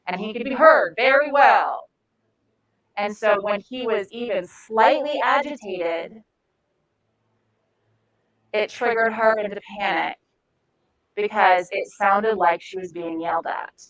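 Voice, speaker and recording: A woman's voice: mid-range voice, slow pace, long pauses, fairly bright tone, dull audio. A woman giving a live training talk to a group in a room, conversational and often searching for words mid-sentence. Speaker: de-escalation trainer.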